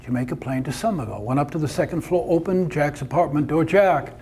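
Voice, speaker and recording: A man narrating a story with vivid drama. His voice is gravelly and sits a bit high for a man. A faint hum runs under the recording. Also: fast, mellow. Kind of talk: told story performance.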